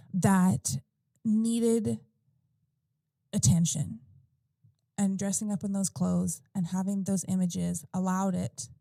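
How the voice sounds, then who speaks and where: Mellow-voiced woman telling a rambling story. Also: medium pitch, vocal fry, no echo. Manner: rambling storytelling with many fillers and restarts. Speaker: podcast guest or host. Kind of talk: casual podcast conversation.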